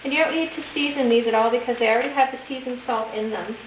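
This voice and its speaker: A woman's voice: fairly high pitch, fast talker. A woman giving a chatty, enthusiastic cooking demonstration in a home kitchen. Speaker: home cook. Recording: echoey kitchen, voice from far off, loud frying noise.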